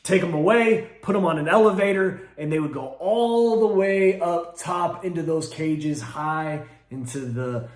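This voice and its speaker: Man, storytelling, animated, acts out quotes, slightly high voice, echoey room. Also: a little slow, few pauses. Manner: animated, acts out quoted speech, swearing, fillers like "like". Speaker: host telling his own story. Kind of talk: casual first-person storytelling. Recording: roomy echo.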